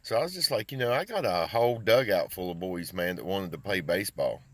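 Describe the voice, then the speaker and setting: A man's voice: low voice, animated, fairly quick, no room sound. An older man who runs a small engine repair and lawn care business, chatting casually and rambling in a folksy way. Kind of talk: casual vlog chat.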